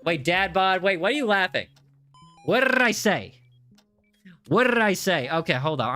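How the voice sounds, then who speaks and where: Male livestream host reading chat; playful and teasing, sharp bright tone. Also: high-pitched, big pitch swings, moderate pace, pauses often, faint music behind. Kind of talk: live gameplay stream, reading chat aloud.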